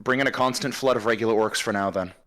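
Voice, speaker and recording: A man acting as game master, narrating a role-play battle slowly and dramatically and giving orders to players. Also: fairly low pitch, a bit bright.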